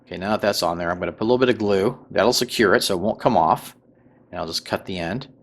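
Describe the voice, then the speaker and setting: A man with a fairly low voice narrates a tabletop crafting tutorial. He talks casually and loosely, full of fillers, and keeps checking in with the viewer. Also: quick pace. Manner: relaxed, filler-heavy, checks in with "right?" and "okay?".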